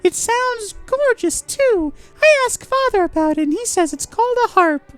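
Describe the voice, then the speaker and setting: A man's voice: extremely high pitch, animated, moderate pace, a bit bright, no echo, faint music behind, pitched above the performer's own voice. Zelda, a sweet young girl, as a man puts her on. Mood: gushing.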